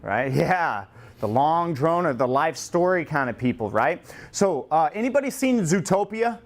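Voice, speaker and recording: A man runs a customer-service training class, his voice sitting a little higher than most men's. He speaks lively and jokes with the group, slipping into quoted customer voices to make his point. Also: moderate pace. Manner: lively, joking, acts out customer lines.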